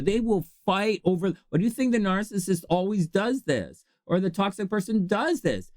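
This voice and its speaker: Animated vlogger with wide pitch swings. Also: measured pace, no echo, studio quality. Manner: animated, laughs often, swings between low asides and high exclamations. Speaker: channel host. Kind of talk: casual advice monologue to camera.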